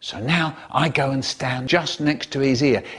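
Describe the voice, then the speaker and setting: A man performing comic stories and rhymes with an animated, exaggerated delivery and expressive swoops. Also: medium pitch, a little slow, breathy edge. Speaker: storyteller. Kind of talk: comic storytelling and rhyming performance.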